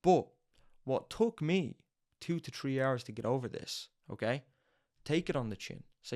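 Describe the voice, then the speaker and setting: A man's voice: medium pitch, normal speed, darkish tone. A young man giving an intense, profane motivational monologue as podcast host, hammering home each point through repetition.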